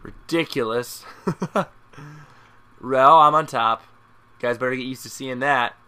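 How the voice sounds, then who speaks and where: A young man, still a student, commentating his own gameplay, yelping, shouting and swearing at the game. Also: mid-range voice, slow, smooth. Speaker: gaming commentator. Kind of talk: casual live gameplay commentary. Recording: loud game sound under the voice. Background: shooter game sounds and gunfire.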